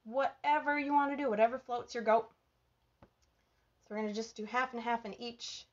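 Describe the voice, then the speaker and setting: Bubbly Minnesotan woman, live cooking host, highish voice, muffled lo-fi stream sound. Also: steady tone, normal speed. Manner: bubbly, chatty, reads viewer comments aloud.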